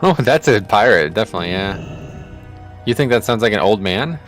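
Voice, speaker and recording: Low-voiced man reading quest text. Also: lively intonation, fairly quick, faint music behind. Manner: reads quest text aloud in a plain voice, swears casually. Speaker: streamer playing an online game. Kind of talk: casual gameplay chat.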